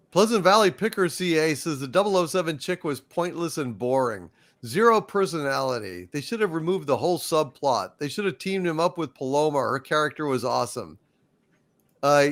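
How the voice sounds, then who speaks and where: A man's voice: on the high side, a bit bright. A man hosting a live stream, reading out viewer super chats and ranting with profanity and stammered restarts. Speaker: livestream show host reading super chats.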